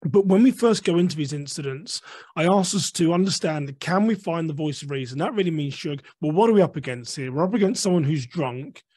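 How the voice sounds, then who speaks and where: A man with a fairly high voice speaks as a guest author in a dry, close recording. He explains his points in a measured way and slips into short acted-out examples of what people say. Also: expressive, a little mellow, breathy edge, dry recording. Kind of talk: conversational interview explanation.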